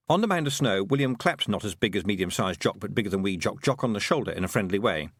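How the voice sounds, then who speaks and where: A man narrating an audiobook with expressive storytelling. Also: on the low side, quick pace, hardly any pauses, husky, no room sound, clean studio sound. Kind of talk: scripted narration.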